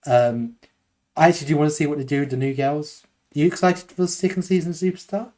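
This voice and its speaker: A man's voice: a little high, steady tone, fast talker, mellow. A young British man co-hosting a podcast in casual chat, rambling and self-deprecating, laughing often. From United Kingdom. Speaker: podcast co-host.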